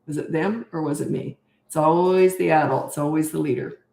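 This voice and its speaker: A woman's voice: deep voice, a little fast, gravelly, darkish tone, echoey room. An older woman coaching parents, answering viewer questions in a blunt, emphatic way and repeating her key points.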